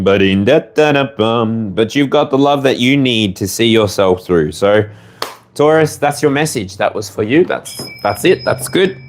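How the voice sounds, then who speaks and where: An Australian man talks his way through a collective tarot reading in a loose, rambling, playful manner. His pitch swings widely and animatedly, and he slips into humming and chuckles. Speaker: tarot reader.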